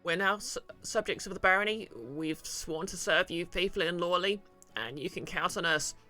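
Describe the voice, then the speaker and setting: A man's voice: sits high, moderate pace, pushed and bright, soft background music. A man voicing an awkward, eager young dwarf girl, earnest and loyal.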